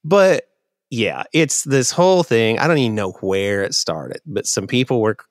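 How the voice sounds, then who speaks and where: A man co-hosting a podcast in casual chat, sarcastic and animated when telling a story. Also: medium pitch, moderate pace, no echo, studio quality. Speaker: podcast co-host.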